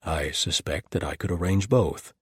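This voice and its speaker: A man's voice: deep voice, moderate pace, slightly rough, no echo. An actor playing a wry, gallant male paladin with dry, teasing, formal phrasing.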